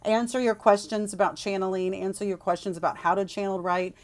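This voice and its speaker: A woman, a spiritual teacher delivering a channeled message in a soft, unhurried way, with chatty asides. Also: medium pitch. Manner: soft, slow and calming in the meditative passages; laughs often, chatty asides.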